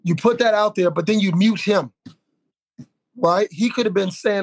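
A man hosting a podcast, telling a story in a lively way, acting out quotes with plenty of fillers and restarts. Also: high voice, brisk, no room sound. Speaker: podcast host. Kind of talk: casual podcast conversation.

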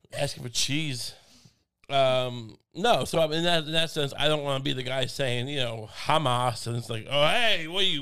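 Man, young, rambling podcast banter, stammering restarts, bright forceful tone, slightly high voice. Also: clean tone. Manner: breaks into silly put-on voices. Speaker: podcast co-host. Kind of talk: casual comedic chat.

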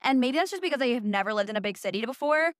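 Young woman ranting casually, sarcastic, smooth higher voice, dry close sound. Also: lively intonation, rapid-fire, no echo. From Utah. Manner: chatty, sarcastic, heavy use of "like" and swearing. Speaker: vlogger. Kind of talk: casual chat.

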